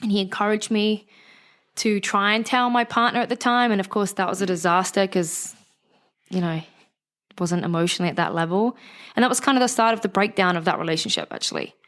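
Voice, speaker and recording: West country woman in her twenties, candid guest, lively storytelling, blunt and sweary. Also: mid-range voice, fairly quick. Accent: West Country English. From West Country, England. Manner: frank, animated storytelling, swears freely. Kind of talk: candid interview conversation.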